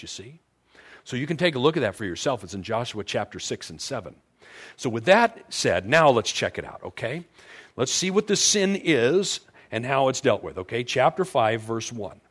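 A middle-aged pastor preaching a sermon, retelling Bible stories and briefly acting out the figures in them. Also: male voice, medium pitch, animated. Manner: storytelling preacher who acts out biblical figures in quick voices.

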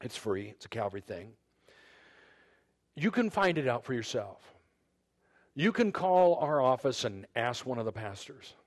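A man's voice: medium pitch, sing-song, unhurried, long pauses. A man preaching a conversational sermon, often repeating words and restarting sentences as he addresses the men and the women in turn. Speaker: pastor.

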